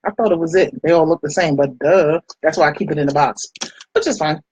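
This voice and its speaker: A young adult woman from the United States chatting casually while doing her makeup, telling stories with lively quoted voices. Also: low-pitched, brisk, dull audio, a little hiss or hum. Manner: chatty storytelling, animated quoted voices, frequent laughs. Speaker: makeup vlogger.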